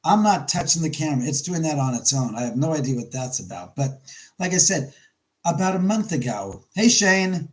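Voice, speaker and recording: A man's voice: a little high, animated, normal speed, low-quality recording. A man hosting a casual live stream from his home, rambling and stopping to greet viewers by name. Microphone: camera mic on a live stream.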